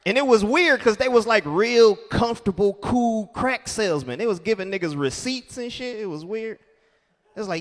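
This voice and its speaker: A man's voice: high voice, normal speed, long reverb tail. A man doing a stand-up comedy set, telling stories and acting out characters. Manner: animated storytelling, acts out characters. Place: comedy club stage.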